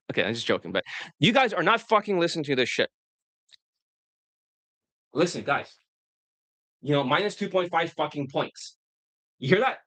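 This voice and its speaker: A man's voice: sits high, a bit bright, no room sound. A man coaching on dating straight to the camera, blunt and profane, addressing his viewers directly.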